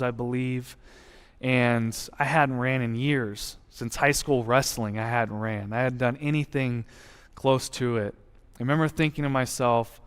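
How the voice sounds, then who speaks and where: A man in his thirties tells his own story in an earnest, reflective way, pausing often as he goes. His voice is smooth and resonant, sitting at an ordinary pitch. It carries a long reverberant tail, as if spoken into a large hall. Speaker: guest speaker sharing testimony. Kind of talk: personal testimony.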